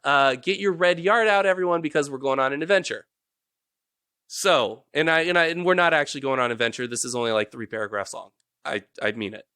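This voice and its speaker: A man's voice: fairly high pitch, fairly quick, sharp tone, smooth, dry recording, clean studio sound. A man hosting a casual podcast, explaining history in a rambling, jokey, self-correcting way. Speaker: podcast host presenting research.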